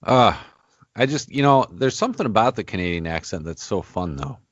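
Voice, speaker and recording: A man's voice: fairly low pitch, lively intonation, fairly quick, breathy edge, dry recording, dull audio. A man hosting a podcast in casual chat, rambling and self-deprecating, often restarting his sentences. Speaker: podcast host.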